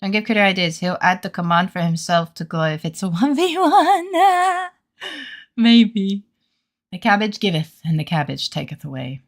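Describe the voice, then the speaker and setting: A woman's voice: mid-range voice, big pitch swings, moderate pace. A woman streamer in casual live-stream chat, giggly and chatty and swearing freely.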